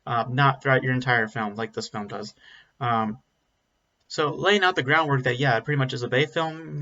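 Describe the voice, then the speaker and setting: Male film reviewer, bright forceful voice, blunt and rambling, slightly dull lo-fi audio. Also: medium pitch. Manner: blunt, rambling, frequent ums and restarts. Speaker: movie reviewer. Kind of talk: casual spoken film review.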